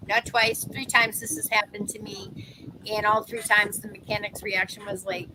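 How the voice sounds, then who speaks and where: A woman's voice: medium pitch, level tone, moderate pace, noisy background. A chatty woman in her fifties, a psychic medium hosting a casual live-stream talk, who laughs easily and acts out the voices of people she quotes. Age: 50s.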